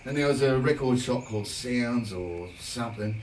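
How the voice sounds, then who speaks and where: A man's voice: mid-range voice, moderate pace, distant mic, a little hiss or hum. An Australian man, a band singer, casually telling a rambling story and laughing along as he hosts a livestream. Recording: roomy, from off the mic, guitar music.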